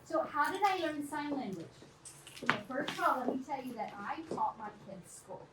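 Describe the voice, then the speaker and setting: A middle-aged woman teacher talks a class of children through an activity in an animated, directive way and laughs often. Her voice sits high. She is picked up from across a reverberant classroom. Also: normal speed. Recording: roomy, distant, noisy classroom.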